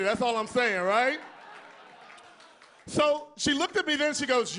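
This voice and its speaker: A man's voice: extremely high pitch, normal speed, long pauses, a bit bright, a little hiss or hum. A man from Texas doing a live stand-up set, telling stories in a sassy, flamboyant way with asides to the crowd. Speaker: stand-up comedian.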